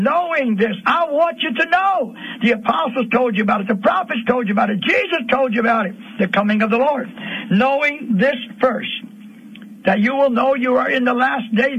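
A man preaching a fiery radio sermon, repeating lines and rising to shouts. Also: very high-pitched, slightly rough. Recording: dull lo-fi radio broadcast.

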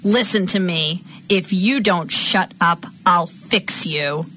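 A woman voicing a cruel woman who has bewitched a girl, delivering lines slowly and menacingly for an amateur audio drama. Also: lowish voice, sing-song, pushed and bright, slight background noise, heavily acted. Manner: slow, menacing line delivery.

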